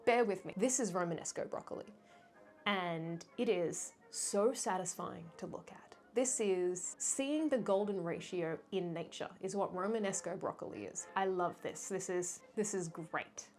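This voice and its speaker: A young woman vlogger chatting casually, playful and self-mocking, with animated asides. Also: on the low side, measured pace, soft background music. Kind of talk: casual chatty fashion ranking.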